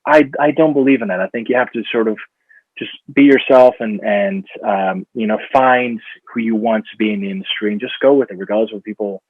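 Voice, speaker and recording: A man from Rica, an actor chatting as an interview guest, speaking haltingly with many fillers and restarts. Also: lowish voice, husky, no echo. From Costa Rica. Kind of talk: casual interview chat. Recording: dull, dry lo-fi sound.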